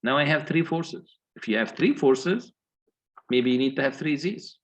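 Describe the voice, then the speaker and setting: Husky-voiced man giving an engineering lecture. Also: fairly high pitch, moderate pace. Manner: methodical, asks the class questions. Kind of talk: university lecture, working through calculations.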